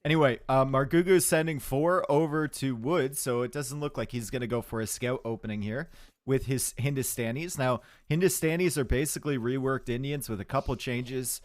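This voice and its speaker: A man commentates a strategy game live on stream, chatting easily and joking with his viewers. His voice sits at an ordinary middle pitch. The sound is close and dry, with no room around it. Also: brisk, no echo. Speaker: esports caster.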